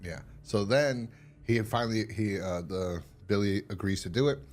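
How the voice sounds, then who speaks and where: A man's voice: moderate pace, a little mellow. A man hosting a podcast, chatting casually and profanely through an episode review, breaking into quoted lines. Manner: rambling, profane, acts out quotes in a higher voice. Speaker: podcast host.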